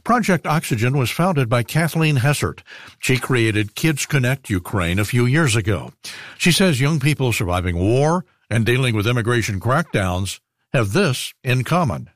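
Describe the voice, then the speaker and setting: A man reading a scripted radio news feature as anchor, in a measured newsreader delivery. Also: mid-range voice, lively intonation, dry recording, studio quality.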